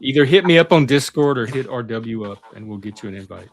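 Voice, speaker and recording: A man co-host in casual panel chat, friendly, reacting quickly and asking questions. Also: mid-range voice, animated.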